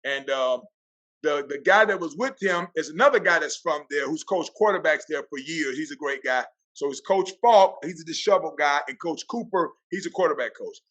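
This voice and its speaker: This is a man, an athletic director telling his stories to an interviewer. His voice is high for a man and bright, with a ringing edge. He talks fast and acts out the people he quotes. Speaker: athletic director, podcast guest. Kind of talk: animated storytelling.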